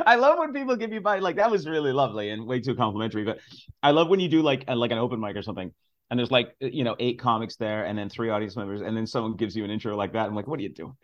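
A man in his forties, a stand-up comedian, trades stories as a podcast guest. His pitch swings widely as he acts out little voices. He laughs often and keeps the talk loose. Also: quick pace, lo-fi sound. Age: 40s. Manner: animated storyteller, acts out voices, laughs a lot. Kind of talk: casual comedy podcast chat.

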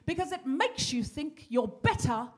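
A woman's voice: high-pitched, sing-song, moderate pace. Chatty storytelling woman host. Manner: chatty storytelling, self-mocking. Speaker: podcast co-host. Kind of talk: live comedy podcast chat. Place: theatre stage before a live audience.

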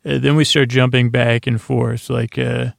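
A man's voice: medium pitch, little pitch movement, a little slow, vocal fry, dry recording, studio quality. A man hosting a sleep podcast, retelling a story in a meandering, unsure way full of fillers and restarts. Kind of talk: rambling sleep-inducing retelling.

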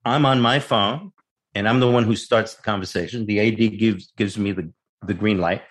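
Man telling a lively acting story. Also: on the low side, moderate pace. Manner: animated storyteller, acts out voices. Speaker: actor guest. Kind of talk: casual anecdote.

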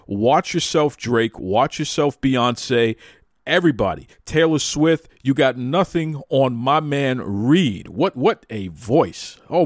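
A man hosting a wrestling talk show, excitable and playful, hyping people up with exaggerated praise. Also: mid-range voice, dry recording, clean studio sound. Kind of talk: hyped casual podcast talk.

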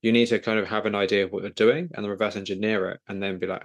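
Brief: male podcast host, quick and gravelly, loose self-correcting chat. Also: fairly low pitch. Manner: rambling, self-correcting, animated. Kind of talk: casual interview chat.

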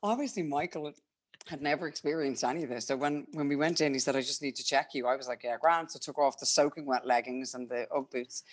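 Irish woman, young adult, animated storyteller acting out the other voices, laughs a lot. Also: extremely low pitch, fast. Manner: lively storyteller acting out quotes, laughs often. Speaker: podcast guest telling a birth story. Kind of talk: casual chat.

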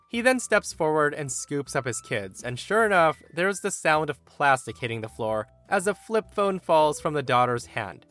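Animated male storyteller. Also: fairly high pitch, normal speed, hardly any pauses, faint music behind. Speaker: story narrator and podcast host. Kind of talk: storytelling narration of reddit posts.

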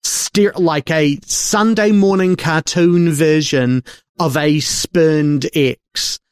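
A male co-host picks apart a film in relaxed conversation, taking his time over every thought. His delivery is halting and wry, and his voice sits a touch high for a man. The recording is close and dead, with no room sound. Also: smooth, no echo. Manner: halting, searching for words, wry. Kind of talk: casual film discussion.

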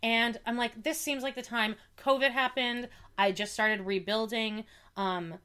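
A woman's voice: on the high side, unhurried. A young woman chats casually on a podcast, telling a long personal story with lots of energy. She keeps acting out what other people said to her, with her voice jumping up and down between quotes. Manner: animated storytelling, acts out quoted dialogue. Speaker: podcast co-host. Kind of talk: casual chat.

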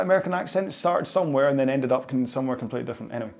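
A man's voice: mid-range voice, animated, rapid-fire, creaky, a little mellow. A man with a Scottish accent leading a stretching session in a rambling, self-mocking way, laughing often and drifting off on tangents. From Scotland. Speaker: fitness instructor. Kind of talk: rambling casual stretch-class talk. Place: indoors, on the floor while stretching.

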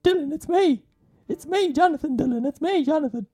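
A man voicing a frantic young man desperately pleading with his friend who has turned into a zombie, in a shrill falsetto. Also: brisk, warm tone, faint music behind.

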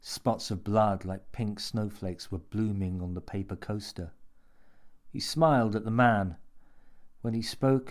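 Brief: male narrator for a dark audio tale, low-pitched, measured delivery. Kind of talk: scripted horror narration.

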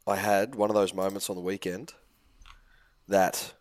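A man's voice: deep voice, flat delivery, moderate pace, no room sound. A man co-hosting a podcast, talking in a laid-back, joking way and swearing casually. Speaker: podcast co-host.

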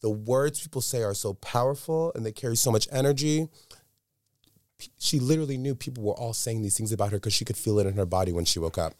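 A man's voice: mid-range voice, quick pace, darkish tone, no echo, clean studio sound. A man speaking as an interview guest, telling a candid personal story in an earnest, emphatic way and repeating words for stress.

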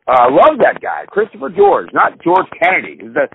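A man's voice: on the high side, huge pitch swings, normal speed, vocal fry, husky. A man co-hosting a podcast in casual chat, rambling and swearing freely as he laughs along. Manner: rambling, profane, laughs a lot. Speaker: podcast co-host. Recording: tinny phone-like sound with faint hiss.

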